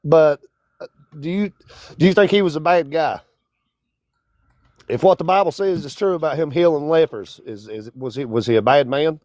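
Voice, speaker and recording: A man with a Kentucky accent from near the Tennessee line calls in to a casual debate stream just after waking up, rambling, stumbling over his words, and putting himself down. His voice is on the high side with a darkish tone, at a normal speed with long pauses, in a dry recording.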